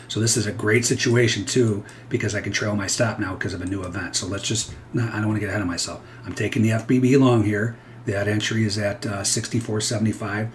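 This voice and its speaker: Casting: male pro trader, lowish voice, candid and digressive, thinking aloud over charts. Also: a little hiss or hum. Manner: rambling, self-interrupting, candid. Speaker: futures trader. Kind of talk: live trading commentary.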